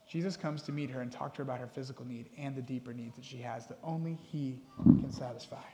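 A man preaching a sermon as pastor, talking in an animated way and acting out the voices of the people in the story. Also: on the high side. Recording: long hall reverb.

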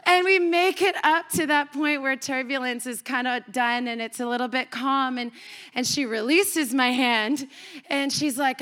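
A Canadian-raised woman pastor delivers a sermon in a conversational, animated manner. Her voice sits high and sounds bright and forward. She slips into quoted back-and-forth dialogue as she tells her story. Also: normal speed.

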